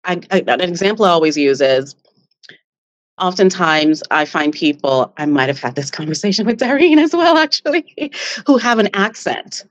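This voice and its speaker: A woman from Jamaica, a podcast guest talking with confidence and an animated lift, laughing often. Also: medium pitch, moderate pace, dry recording, highs cut off. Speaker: guest, business founder. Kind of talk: podcast interview.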